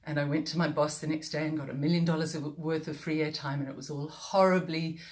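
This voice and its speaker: A middle-aged woman with a New Zealand accent, a former broadcaster, speaking straight to camera in an impassioned, emphatic way with deliberate pauses. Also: low-pitched, fairly even intonation, a little mellow. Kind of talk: direct-to-camera address.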